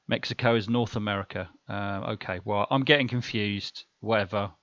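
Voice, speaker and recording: A man's voice: on the low side, a bit bright, dry recording, dull audio. A man hosting a casual live stream, rambling along with many fillers and restarts.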